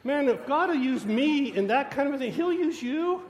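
A man preaching a sermon, telling a story in an animated and self-mocking way. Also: very high-pitched, normal speed. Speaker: guest preacher.

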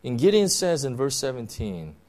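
A man's voice: mid-range voice, sing-song, moderate pace, darkish tone. A man preaching a sermon to his church, talking in a loose, conversational way and often checking in with "you know" and "right?". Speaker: pastor.

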